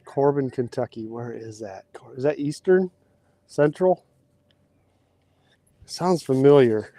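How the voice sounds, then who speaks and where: Chatty man with a mellow voice. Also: mid-range voice, expressive, slow pace, dry recording. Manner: chatty, reads out viewer comments. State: out of breath at times. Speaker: livestream host. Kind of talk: casual livestream chat with viewers. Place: outdoors, digging post holes.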